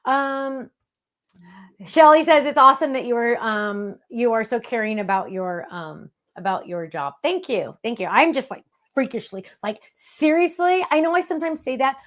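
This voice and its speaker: A woman's voice: on the high side, expressive, normal speed, fairly bright tone. A middle-aged woman hosting a craft show, chatting casually in a bubbly, gushing way. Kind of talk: casual livestream chat.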